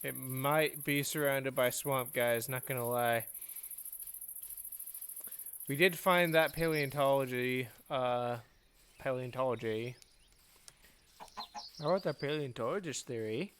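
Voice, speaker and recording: A man's voice: medium pitch, slow, pauses often, a bit bright, smooth. A man hosting a gaming video, chatting to himself and his viewers as he plays. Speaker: gaming channel host. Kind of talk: let's play commentary.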